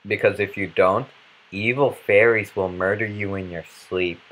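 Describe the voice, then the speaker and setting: A man's voice: on the low side, fairly even intonation, measured pace, fairly bright tone. A man giving goofy, rambling commentary while playing a video game, breaking into random outbursts. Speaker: let's play commentator.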